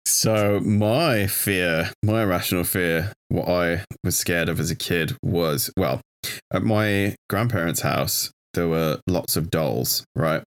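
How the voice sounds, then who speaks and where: Deep-voiced podcast host. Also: male voice, slow pace. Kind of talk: casual podcast chat.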